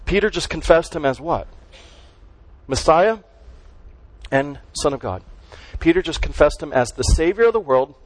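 Man, pastor, sermon, emphatic, repeats key words, fairly high voice, dry recording. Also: lively intonation, moderate pace, dry recording, poor audio.

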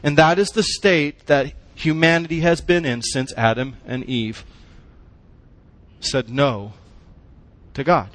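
A man's voice: fairly high pitch, fairly even intonation, takes it slowly. A man preaching a sermon, emphatic, using short punchy phrases and asking the congregation questions. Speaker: pastor.

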